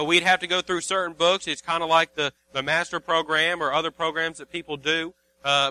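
A man's voice: a little high, bright, forceful tone, poor audio. A man preaching a sermon, earnest and repetitive, quoting King James scripture to his congregation.

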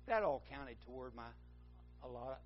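A man's voice: medium pitch, animated, moderate pace, lo-fi sound, faint music behind. A man preaching a sermon, rambling and correcting himself, then building to fervent emphasis.

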